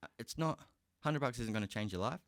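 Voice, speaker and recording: A man's voice: mid-range voice, animated, brisk, smooth, dry recording. An Australian man hosting a podcast, giving a heated, profane solo rant. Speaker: podcast host.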